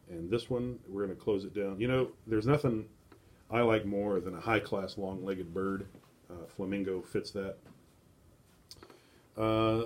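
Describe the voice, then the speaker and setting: A man's voice: lowish voice, darkish tone. A man streaming live, musing casually over estate sale art listings and wandering off into tangents, with many fillers. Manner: rambling, thinking aloud with many fillers.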